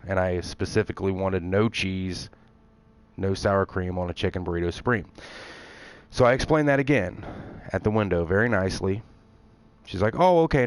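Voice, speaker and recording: A man streaming, telling a long story in a casual, exasperated way and acting out both sides of the conversation. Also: low-pitched.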